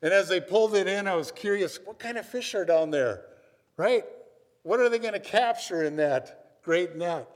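A man's voice: high voice, expressive, moderate pace. A man from Minnesota preaching a sermon, telling stories in a conversational way and often checking in with "right?". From Minnesota, USA. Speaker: pastor. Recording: long hall reverb.

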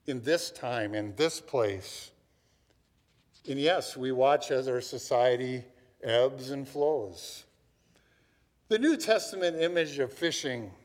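A man from Minnesota preaching a sermon, telling stories in a conversational way and often checking in with "right?". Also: medium pitch. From Minnesota, USA. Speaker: pastor. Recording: long hall reverb.

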